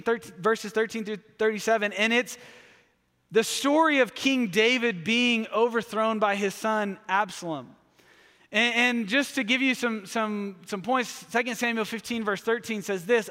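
A man preaching a sermon, energetic and humorous, slipping into playful voices for asides. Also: sits high, moderate pace, long reverb tail. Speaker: pastor.

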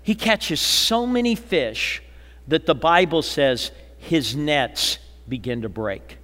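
Pastor, male, bright tenor sermon voice, dramatic hushes, big church hall reverb. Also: a little high. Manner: dramatic preaching, slows and drops to a hush for emphasis; acts out quoted people in a lively voice. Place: large church auditorium.

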